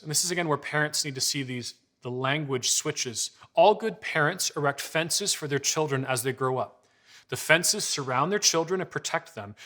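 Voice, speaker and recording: A man's voice: medium pitch, bright, forceful tone. A man in his forties giving a parenting talk with slides, telling conversational stories and acting out dialogue. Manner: storytelling, conversational, acts out dialogue. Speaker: parenting speaker. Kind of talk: presentation with slides.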